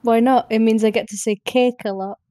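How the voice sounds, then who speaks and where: A woman's voice: on the high side, steady tone, fairly quick, dark tone, dry recording, clean studio sound. A young woman with a northern English accent co-hosting a podcast in an easygoing, casual way. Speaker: podcast co-host. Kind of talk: casual chat.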